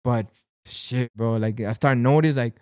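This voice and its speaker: A young man from Pacoima, California, in Los Angeles, speaks with a Mexican-American accent and has a Sinaloan mother. As a podcast guest he tells stories casually, moving between Spanish and English, saying "bro" a lot, and acting out the people he quotes. His medium-pitched voice is smooth, a little mellow and a little slow, in a dry, clean studio recording.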